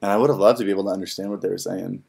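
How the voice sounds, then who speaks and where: A man's voice: sits low, fairly even intonation, racing, vocal fry, a little mellow, slightly rough. A young man co-hosting a casual livestream Q&A, playful and jokey, reading out viewer questions. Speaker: livestream co-host.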